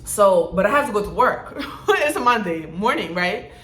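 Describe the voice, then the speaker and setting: Female vlogger, lively casual storyteller, middle pitch, echoey room sound. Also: normal speed. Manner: animated, swears, laughs, mimics herself loudly.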